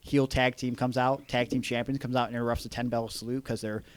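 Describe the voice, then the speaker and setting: A man hosting a podcast, telling a wrestling story in animated casual chat and swearing freely. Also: medium pitch, brisk, smooth, dry recording.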